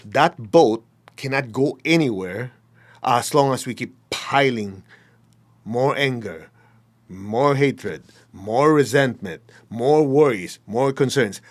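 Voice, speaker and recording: A man's voice: mid-range voice, takes it slowly. A man giving a spiritual talk, blunt and emphatic, often acting out the people he quotes. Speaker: spiritual teacher. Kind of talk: dharma talk.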